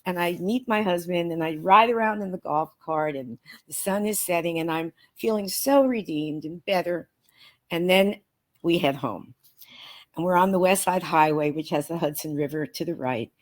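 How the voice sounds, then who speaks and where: Earnest woman guest telling her story in a studio, kinda low voice, keeps restarting sentences. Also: normal speed. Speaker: guest, author and researcher. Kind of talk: personal storytelling in an interview.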